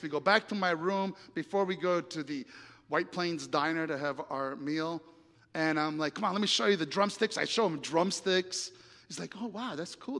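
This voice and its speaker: A man preaching, telling a personal story with lively acted-out dialogue and big swings between loud and hushed lines. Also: a little high, vocal fry. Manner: animated storyteller acting out dialogue, dramatic volume swings. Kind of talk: sermon storytelling. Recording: reverberant hall.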